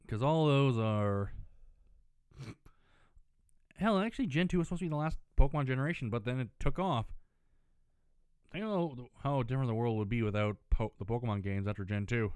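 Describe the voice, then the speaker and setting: A man talks over a game in a loose, rambling, chatty way, stopping often to clear his throat. His throat is dry, so his voice sits a little lower than usual, yet it stays smooth and clear. The sound is close and dry, with no room echo. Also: darkish tone. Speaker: gaming channel host. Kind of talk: casual gameplay commentary.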